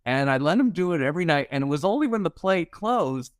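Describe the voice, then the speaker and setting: In a podcast interview, a comedy writer in his sixties rattles off wry anecdotes, playing the people in them. His fairly high voice is smooth, animated and fast. The sound is studio quality with no echo.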